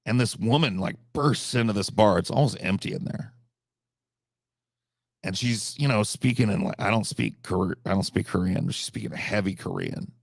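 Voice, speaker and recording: Man, low gravelly voice, rambling comic storyteller, profane, dry close sound. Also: moderate pace, dry recording. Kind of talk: comedic storytelling.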